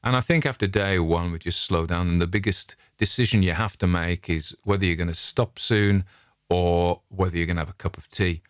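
Middle-aged English man, low register, dry close sound, easygoing chatty storyteller who wanders off on tangents. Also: brisk, clean tone, no echo. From England. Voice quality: chatty anecdotal storyteller, digressive. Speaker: vlogger. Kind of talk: casual rambling monologue.

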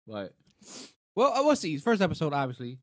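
Guy rambling excitedly on a podcast, lots of "you know", dry close mic. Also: a little high, fairly quick, no room sound. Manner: animated, rambling, many fillers. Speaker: podcast co-host. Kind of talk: casual chat reviewing a TV episode.

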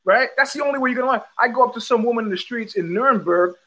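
High-voiced older man telling rambling stories. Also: rapid-fire, poor audio. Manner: rambling, many restarts and fillers, animated quoting. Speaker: podcast host. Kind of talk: casual storytelling monologue.

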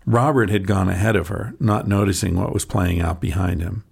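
A man with a deep, very gravelly voice reads a short story aloud. His tone is husky and a little breathy, and he keeps a soft, measured storytelling pace. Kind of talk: audiobook narration of a short story.

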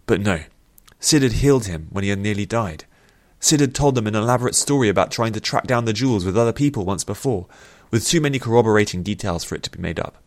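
Brief: low male narrator, steady and measured, dry close sound, fantasy audiobook. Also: no room sound.

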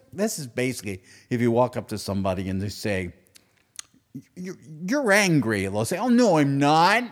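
A middle-aged man hosting a podcast, delivering an animated comic monologue that swings from loud outbursts to hushed asides. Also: medium pitch. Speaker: podcast host.

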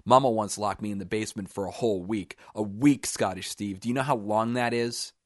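A man's voice: brisk, no echo, studio quality, lightly acted. A man voicing a simple-minded, childlike young man who whines and pleads in a raised voice. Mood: anxious. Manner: whiny, pleading, higher and louder.

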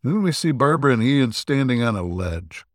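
A man co-hosting a podcast, casually retelling an old episode with many ums and throat clears. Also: mid-range voice, big pitch swings, normal speed, no room sound, clean studio sound. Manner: rambling, filler-heavy retelling with frequent throat clearing. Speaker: podcast co-host. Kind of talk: casual recap discussion.

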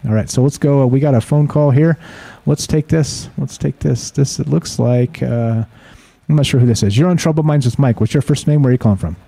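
A man's voice: mid-range voice, fast talker, creaky, warm tone, slightly rough, no echo. A man hosting a live call-in radio show, talking casually and reading stories aloud, rambling with many fillers and restarts.

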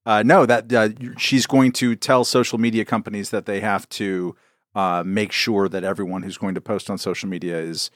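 A man co-hosting a podcast, sardonic, often trailing off quietly. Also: on the low side, steady tone, moderate pace, no echo, clean studio sound. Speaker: podcast co-host. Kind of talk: casual chat.

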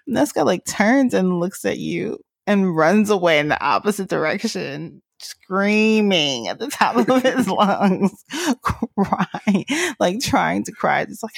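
A woman's voice: mid-range voice, big pitch swings, unhurried, vocal fry, no echo, studio quality. A young woman hosting a podcast, chatting casually and teasing her partner, laughing often. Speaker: podcast host. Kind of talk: casual chat.

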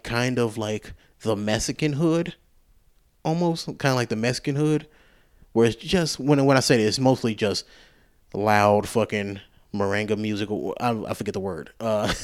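A man's voice: lowish voice, fairly even intonation, normal speed, smooth. Profane rambling man hosting a podcast. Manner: profane, rambling, with restarts and laughs. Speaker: podcast host. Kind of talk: casual solo podcast storytelling.

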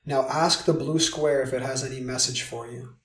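A man guiding another person through a visualization exercise in a calm, instructive, soothing way. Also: mid-range voice. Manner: calm, instructive, slow and soothing in the guided parts. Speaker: guide leading an emotional release exercise. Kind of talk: guided visualization and coaching. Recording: roomy, distant from the mic.

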